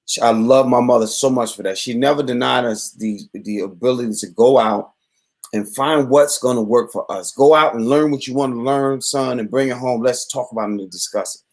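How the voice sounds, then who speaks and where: A man, a poet guest, telling a story in casual conversation, laughing and animated. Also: mid-range voice, brisk.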